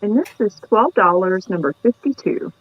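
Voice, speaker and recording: A woman's voice: mid-range voice, lively intonation, moderate pace. A tired woman hosts a live sale in a chatty, giggly way. The sound is dull and dry, with no room echo at all. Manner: chatty, giggly, describes items. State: tired from lack of sleep. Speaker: host of a live antiques sale. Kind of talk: casual live-sale chat.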